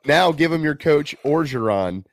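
A man's voice: a little high, animated, unhurried, dry recording. A man hosting a sports talk show, upbeat and ribbing his co-host and guest while steering the conversation. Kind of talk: casual sports chat.

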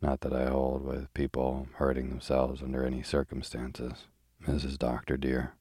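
A man's voice: very deep voice, monotone, normal speed, mellow, slightly rough, no echo, studio quality, exaggerated voice. A man reading as a prim, gossipy old housekeeper. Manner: chatty, prim, old-fashioned. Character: gossiping pious older spinster housekeeper woman. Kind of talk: sleepy bedtime audiobook reading.

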